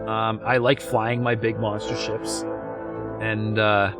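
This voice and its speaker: A man's voice: fairly low pitch, flat delivery, takes it slowly, over loud music. A man chatting casually while he plays a space game live, joking and cheering his small wins. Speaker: streamer. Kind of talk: live gameplay commentary.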